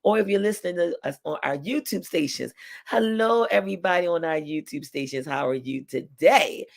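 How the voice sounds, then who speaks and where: Male stream host, gravelly and a bit high, breezy and chatty with the crowd. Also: moderate pace. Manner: upbeat, chatty, addresses audience as y'all. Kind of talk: live-stream show hosting.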